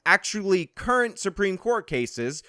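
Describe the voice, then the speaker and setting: A man's voice: sits high, sing-song, unhurried, sharp tone, clean tone, dry recording. Combative man lecturing in dry close sound. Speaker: political commentary host. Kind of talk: reaction commentary.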